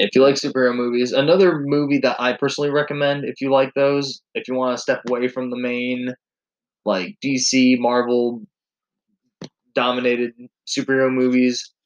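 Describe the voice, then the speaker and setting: A man's voice: medium pitch, rough recording. Easygoing male podcast host. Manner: easygoing, enthusiastic recommendations. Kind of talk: casual chat.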